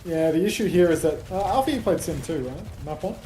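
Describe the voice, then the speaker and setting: A man giving esports play-by-play over a headset mic, mixing dry teasing humor with quick action calls. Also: on the high side, animated, warm tone. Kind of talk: play-by-play commentary and banter.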